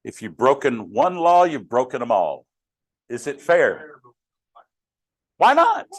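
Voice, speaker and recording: A middle-aged man leads a Bible study in an easygoing, unhurried way. He quizzes his class and jokes with them as he goes. His voice is close and dry. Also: mid-range voice, very animated, no room sound. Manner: conversational, questions the class, jokes. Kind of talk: interactive Bible study teaching.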